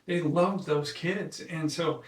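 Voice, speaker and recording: A man's voice: a little high, fairly even intonation. A man, an occupational therapist and founder, talking in a casual conversation. He tells earnest, emotional stories and often restarts his sentences. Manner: halting restarts. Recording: echoey room, mic at a distance.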